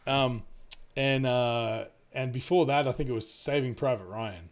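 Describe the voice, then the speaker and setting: A young man talks through a movie in a loose, rambling way, full of fillers, laughter and casual swearing. His voice sits at an ordinary middle pitch. It feels like an easygoing chat between friends. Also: measured pace, a crowd in the background.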